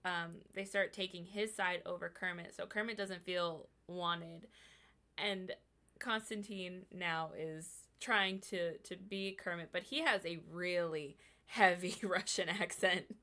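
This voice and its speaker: A woman co-hosting a casual podcast chat, calmly recapping and giving short agreeing replies. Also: on the low side, takes it slowly. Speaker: podcast co-host.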